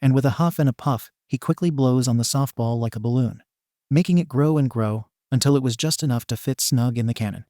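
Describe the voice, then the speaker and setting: A man narrating a comedy fan story with a wry, tongue-in-cheek delivery. His voice is mid-pitched, and the recording is close and dry, with no echo. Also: normal speed, a little mellow.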